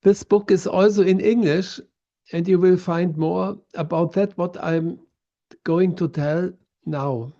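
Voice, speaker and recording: A man of about sixty from southern Germany with a German accent, giving a prepared lecture in a slow, measured way. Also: high voice, fairly even intonation, gravelly, warm tone, highs cut off.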